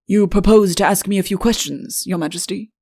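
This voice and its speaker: A woman voicing a self-pitying, deposed male king in an audiobook, speaking slowly and earnestly. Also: mid-range voice, a little mellow, no room sound, studio quality, natural voice. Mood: earnest pleading. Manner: slow, earnest, imploring delivery. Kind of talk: audiobook character reading.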